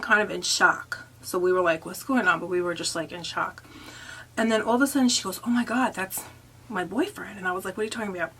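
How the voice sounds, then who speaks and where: A young woman vlogger telling a story in a chatty, animated way, with many fillers and hushed asides. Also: mid-range voice. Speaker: makeup artist and vlogger. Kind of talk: casual storytime.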